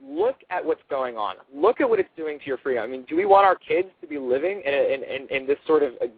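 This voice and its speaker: A man's voice: fairly high pitch, sing-song, fast, crowd noise. A man guesting on a radio show, speaking urgently with many stops and restarts. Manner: urgent, repeats and restarts words. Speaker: guest, activist. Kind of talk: radio phone interview. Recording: narrow phone-line sound.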